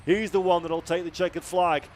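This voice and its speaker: A man giving live motor racing commentary from a commentary box at the circuit, building excitement toward the finish. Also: sits high, moderate pace, a little hiss or hum. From Britain. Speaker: race commentator.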